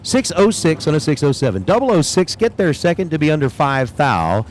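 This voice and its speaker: A man's voice: on the high side, very animated, a little fast, slight background noise. A man calling drag races live at the track, chatting and joking between runs. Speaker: drag race announcer. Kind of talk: live race commentary. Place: outdoors at a racetrack.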